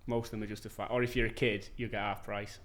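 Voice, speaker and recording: Flat-voiced young man. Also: fairly low pitch, quick pace. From England. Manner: laid-back storytelling, swears freely. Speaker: podcast guest, footballer. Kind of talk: casual chat.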